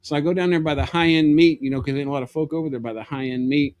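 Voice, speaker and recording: A man with a drawl spins a comic yarn, his voice sitting a little high and sounding close and dry. He keeps breaking into laughter as he tells it. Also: very fast, no room sound, dull audio. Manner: animated, laughs through his story. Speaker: guest. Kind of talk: comedic storytelling.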